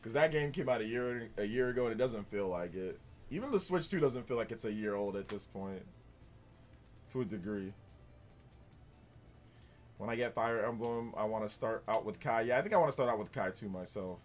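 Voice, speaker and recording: Man, lowish voice, relaxed live-stream chatter, rambling, faint music underneath. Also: brisk. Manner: relaxed, rambling, answers chat and laughs often. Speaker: gaming livestream host. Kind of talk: casual live-stream chat.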